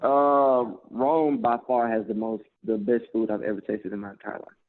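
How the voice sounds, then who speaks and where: A man's voice: on the low side, level tone, normal speed, slight background noise. A man in his twenties telling stories in a casual interview, laid-back and chatty, peppering his talk with "man" and "you know". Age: 20s. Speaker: guest. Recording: phone-like narrow band.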